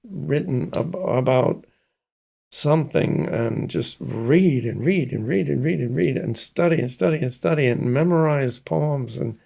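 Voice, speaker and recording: Older man, interview guest, husky dark voice, unhurried storyteller. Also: medium pitch, expressive. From Mississippi. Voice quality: gravelly and husky. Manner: slow, thoughtful storytelling with many pauses. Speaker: guest, pianist and composer. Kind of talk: casual interview talk.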